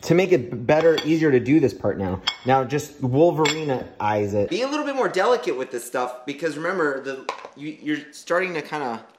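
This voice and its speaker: A man's voice: fairly high pitch, sing-song, brisk, background noise. A man baking at home, reading recipe steps aloud in a casual, hesitant, joking way. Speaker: host baking with his child. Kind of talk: casual home cooking chat. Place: home kitchen.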